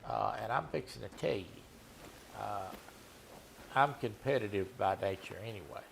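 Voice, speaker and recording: A man's voice: fairly low pitch, normal speed, gravelly, slight background noise. A man streaming a hunting game, chatting and teasing viewers in a laid-back way. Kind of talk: casual gameplay chat with viewers.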